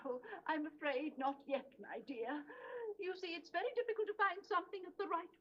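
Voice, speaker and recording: A fussy, genteel old aunt. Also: female voice, very high-pitched, expressive, a little fast, pushed and bright, exaggerated voice. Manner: genteel, fussy, calls everyone dear. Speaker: live-in aunt. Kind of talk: 1970s studio sitcom acting. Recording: dull lo-fi TV audio with faint hiss.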